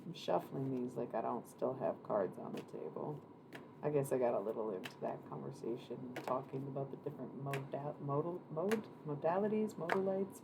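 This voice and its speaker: A deep-voiced woman rambling casually through a live tarot card reading, swearing now and then. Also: a little fast, gravelly. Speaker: tarot reader streamer. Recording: noisy room ambience.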